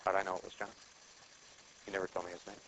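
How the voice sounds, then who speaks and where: A man with a quite low voice delivers a sermon in a casual, conversational way. He tells his points as everyday stories and drives them home with short, repeated exhortations. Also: little pitch movement, fast talker, a bit bright, slight background noise, low-quality recording. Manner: storytelling, acting out dialogue in plain voice; repetitive, exhortative phrasing. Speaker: preacher.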